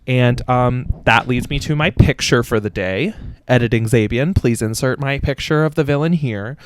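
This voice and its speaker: A man's voice: medium pitch, normal speed, clear, resonant tone, dry recording, clean studio sound. A young adult man hosting a casual comedic book review podcast, rambling with profane, self-mocking asides. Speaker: podcast host.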